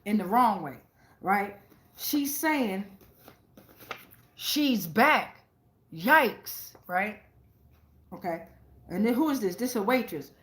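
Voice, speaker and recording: A woman giving a casual tarot reading to her viewers, talking excitably with lots of profanity, repeating phrases and checking in with "right?" again and again. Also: medium pitch, slow, pauses often, reverberant. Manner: profane, keeps asking "right?". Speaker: tarot reader.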